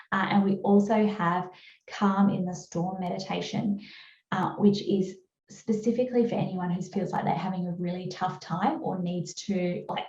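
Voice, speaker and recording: A woman's voice: warm tone, highs cut off, a little hiss or hum. Upbeat Australian woman, roomy video call. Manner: chatty, upbeat sales pitch with fillers. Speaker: webinar presenter. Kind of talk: webinar presentation.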